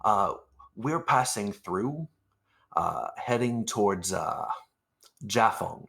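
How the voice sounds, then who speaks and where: A man voicing a gruff, wary old ex-soldier who calls people son. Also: on the low side, animated, slow, a bit bright, heavily acted. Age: older (figure).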